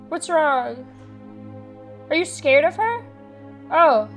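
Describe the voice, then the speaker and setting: High-voiced excitable woman streamer. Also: slow pace, long pauses, faint music behind. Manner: chatty and excitable, jumps to loud yelps and shouts. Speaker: streamer playing a horror game. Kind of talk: live let's play commentary, reading game text aloud.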